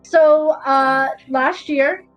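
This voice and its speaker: A woman's voice: high voice, fairly even intonation, drawn-out words, soft background music, low-quality recording. A woman on a streamed game panel, talking casually with lots of hesitant fillers. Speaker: tabletop game player, guest panelist.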